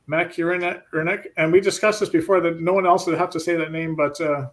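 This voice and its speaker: A man's voice: a little high, fairly even intonation, brisk, a bit bright. A middle-aged man hosting a casual online reading session, laughing often and stumbling over names. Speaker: host. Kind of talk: casual livestream chat.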